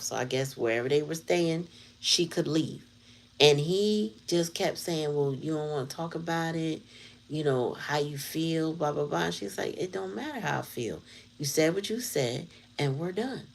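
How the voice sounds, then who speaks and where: A woman with a low-pitched voice hosts her tarot channel in loose, casual chat. She talks bluntly and candidly, mixing in plenty of slang as she tells a story. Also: darkish tone, slight background noise, poor audio. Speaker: tarot reader and channel host.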